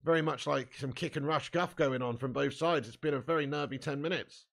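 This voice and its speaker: A man hosting a live fan watch-along, commentating excitably, swearing freely and shouting at chances. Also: fairly high pitch, a little fast, creaky.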